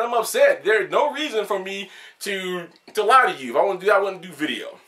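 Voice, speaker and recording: A man's voice: sits high, fairly bright tone. Emphatic man talking straight to camera. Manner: emphatic, direct, candid. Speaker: video game reviewer. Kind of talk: unscripted talk to camera.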